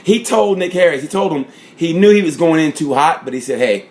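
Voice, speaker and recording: A man giving a casual, rambling recap of motorcycle races, full of fillers and shout-outs. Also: a little high, lively intonation, fairly quick. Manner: rambling, lots of fillers and "props". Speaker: motorsport fan reviewer. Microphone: phone or camera mic.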